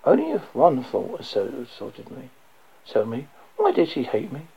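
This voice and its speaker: Gravelly, husky male audiobook narrator. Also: medium pitch, huge pitch swings, unhurried. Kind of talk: first-person audiobook narration. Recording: dull lo-fi recording.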